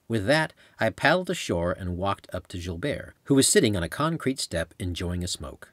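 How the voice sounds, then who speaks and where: A man reads his travel memoir aloud in a conversational storytelling way. His voice is low and a little husky, with lively rises and falls. The recording is dry and close. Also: moderate pace, hardly any pauses, no echo. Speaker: author and narrator. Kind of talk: audiobook memoir narration.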